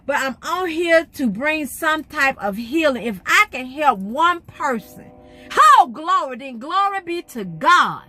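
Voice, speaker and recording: A woman's voice: sits high, big pitch swings, a little slow, sharp tone, no room sound. A middle-aged woman, giving an emphatic, preacherly faith testimony to her vlog audience. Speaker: vlogger.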